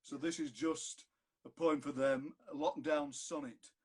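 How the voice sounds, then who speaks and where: A poet with a Yorkshire accent chats and reads his sonnets aloud on a video call for an online fundraiser. His voice is a little high, darkish, and husky, with fairly even intonation and a slightly slow pace. He's chatty and jokey between the verses.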